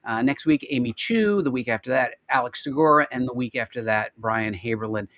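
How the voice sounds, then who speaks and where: A man's voice: mid-range voice, brisk, fairly bright tone, dry recording. A man hosting a live video-call show, chatting casually and joking as he reels off lists. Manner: chatty and jokey, rattling off lists. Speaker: podcast host. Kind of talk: casual live-stream chat.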